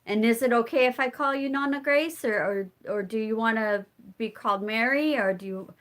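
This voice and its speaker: A middle-aged homestead vlogger from the United States talks casually on her live stream, spinning fiber at home and responding to viewers. Her pitch is fairly high and she speaks at a normal speed.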